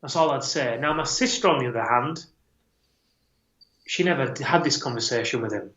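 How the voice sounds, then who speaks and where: A man's voice: medium pitch, fairly quick, a bit bright. A man, a podcast guest telling a personal story in an earnest, reflective way. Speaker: podcast guest, men's coach. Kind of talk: personal story told in an interview. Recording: roomy, slightly dull podcast audio.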